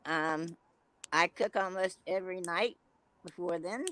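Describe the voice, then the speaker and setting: A woman's voice: fairly low pitch, unhurried, a bit bright, a little hiss or hum. A woman guest moderator on a live stream, speaking shyly in brief answers.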